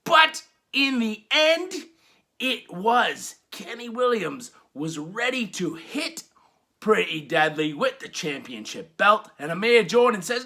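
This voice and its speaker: A man giving a rowdy, crude comedic wrestling recap, laughing at his own jokes and stretching his punchlines into drawn-out hollers. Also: sits high, very animated, pushed and bright. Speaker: wrestling show reviewer.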